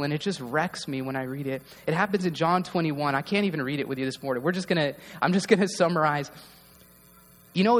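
A man's voice: fairly high pitch, in a large hall. A man preaching a heartfelt, conversational sermon to his congregation in a church. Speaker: pastor. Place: church hall.

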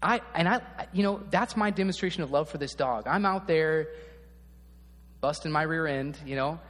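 A male pastor delivers a casual, chatty sermon, often turning to the congregation with a quick "right?". His voice sits fairly high for a man. It rings with the long reverb of a large church hall. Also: fairly bright tone. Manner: conversational, often asks the audience "right?".

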